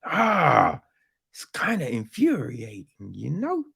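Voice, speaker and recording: A man's voice: a little high, wildly swooping pitch, slow, vocal fry, a bit bright, slightly rough. A man hosting a podcast, ranting casually about a film in a profane, rambling way with lots of slang and restarts. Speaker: podcast host. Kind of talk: casual film review rant.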